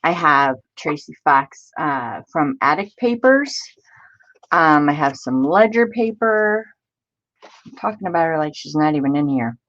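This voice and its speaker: A woman hosting a casual crafting live stream, chatty and excitable as she greets viewers by name. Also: deep voice, unhurried, lo-fi sound. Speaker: crafting channel host.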